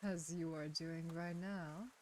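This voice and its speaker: A woman's voice: low-pitched, steady tone, slow, a little mellow, slight background noise, voice pushed down. A woman voicing a guarded, sardonic female vampire detective in a game, talking bluntly and warily. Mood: dry, wary. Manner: dry, blunt, wary. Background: game music.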